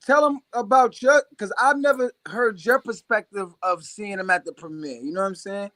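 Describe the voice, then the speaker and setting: Male guest, high pitch, laid-back streetwise chat on a video call. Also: normal speed, fairly bright tone. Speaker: guest rapper.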